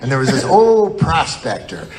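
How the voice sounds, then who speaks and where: In front of a laughing audience at a live comedy venue, a male stand-up comic rambles through profane stories in a loose, chatty style. His medium-pitched voice swoops wildly at a moderate pace. The audio quality is poor.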